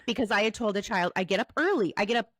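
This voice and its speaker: A woman's voice: medium pitch, lively intonation, fast, a little hiss or hum. A middle-aged woman co-hosting a casual faith podcast, a mother who affirms her partner and laughs easily. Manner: warm, laughs often, affirming. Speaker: podcast co-host.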